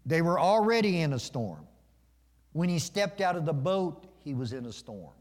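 A man preaches to his congregation in a folksy, conversational manner, asking them questions and cracking jokes. His voice is on the high side and sing-song at a normal speed, and the recording carries the long reverb of a large hall.

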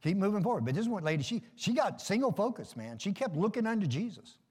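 Middle-aged guy preaching, folksy and jokey, kinda high voice, echoey church hall. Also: big pitch swings, fast talker, darkish tone, husky. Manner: folksy, joking preaching with call-and-response amens. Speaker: pastor. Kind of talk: sermon.

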